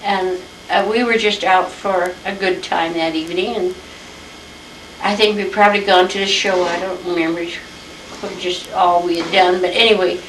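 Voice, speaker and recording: An older woman from Iowa tells a family history story in an unhurried, chatty way. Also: mid-range voice, fairly bright tone. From Iowa, USA. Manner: unhurried, chatty, acts out old conversations. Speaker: interviewee telling family history. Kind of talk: reminiscing storytelling. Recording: roomy home recording, distant mic, faint hiss.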